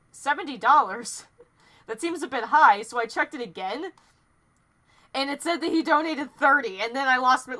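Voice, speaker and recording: Excitable young woman streamer, rambling. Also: fairly high pitch. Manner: excitable and rambling, laughs often, trips over her words. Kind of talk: casual live-stream chat while drawing. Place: home.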